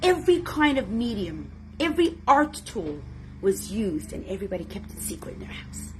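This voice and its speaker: A woman's voice: mid-range voice, very animated, normal speed, a little hiss or hum. A woman teaching a Torah class, telling a story dramatically and expressively. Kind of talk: storytelling lesson.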